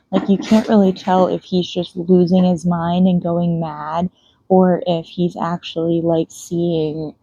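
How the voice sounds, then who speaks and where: A young woman with a dark, gravelly, slightly husky voice chats casually at home, rambling along with plenty of fillers and restarts. Her voice sits on the low side, and the recording is dry and a little dull. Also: no echo. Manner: rambling and chatty, with many fillers and trailing restarts. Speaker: book vlogger. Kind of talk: casual chat while reading and painting nails.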